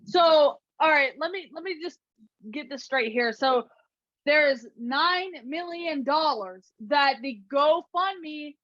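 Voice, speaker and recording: A woman with a high voice chats on a casual podcast, reacting with frequent exclamations. Her mic sounds dull and lo-fi, and the sound is dry. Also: expressive, takes it slowly, a bit bright, no room sound. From United States. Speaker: co-host.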